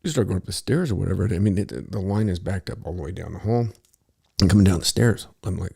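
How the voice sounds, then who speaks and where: A middle-aged man tells a long story in a loose, profane monologue. His voice is deep and dark with a husky, gravelly texture, and he keeps stopping to restart his sentences. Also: fast. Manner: rambling, profane, with many restarts. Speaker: podcast host.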